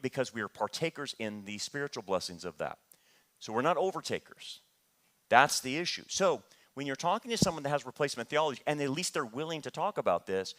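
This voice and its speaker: A man's voice: medium pitch, a bit bright. A man teaching a church Bible study, emphatic and repetitive, rising into heated outbursts. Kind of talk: sermon-style teaching.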